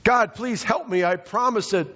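Preacher putting on a frantic cliff-dangler, pitched way up, pleading, dull echoey hall sound. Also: male voice, normal speed, bright, forceful tone. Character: panicked man dangling from a cliff.

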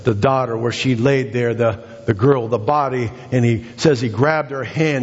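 A male pastor preaching a sermon in a church, building to excited, emphatic exhortations with repeated phrases. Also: medium pitch, normal speed, hardly any pauses. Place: church sanctuary. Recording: dull sound with long hall reverb.

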